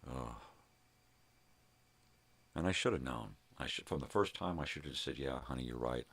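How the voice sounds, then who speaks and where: A man's voice: a bass voice, animated, a little slow, gravelly, a bit bright, breathy edge. An older man hosting his own vlog, telling a heated, profanity-filled story in a casual ranting monologue. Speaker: vlog host. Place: home.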